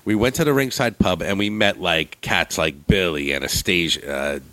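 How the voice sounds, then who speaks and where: A man's voice: normal speed, background noise. A man from northern New Jersey telling a rambling, profane story in casual chat, acting out what other people said. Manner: swings high and loud when quoting others.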